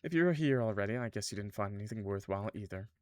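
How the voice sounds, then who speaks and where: A man's voice: fairly low pitch, lively intonation, fast talker, darkish tone, no room sound, lightly acted. A man reading as a wary woman investigator. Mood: dry, wary. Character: guarded, dry-witted woman investigator.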